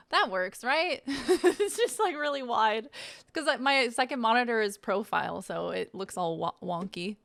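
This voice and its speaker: A woman's voice: on the high side, expressive, measured pace, gravelly, a bit bright. A woman streams live in an easygoing, chatty voice. She swears freely and plays around while sounding out words from packaging. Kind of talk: casual live-stream chat.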